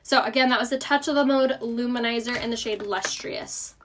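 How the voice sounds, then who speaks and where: A young woman with a light Southern US accent talks through a makeup tutorial in a slightly high, bright-pitched voice. She sounds chatty and upbeat, and she breaks off often to answer viewers' questions in a relaxed, friendly way. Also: a little fast, background noise. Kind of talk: casual live makeup tutorial.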